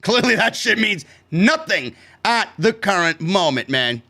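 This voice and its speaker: A man with a high, bright and forceful voice delivers a profane, heated rant as he reviews a wrestling show. He swears constantly and drives every point home. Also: very animated, unhurried.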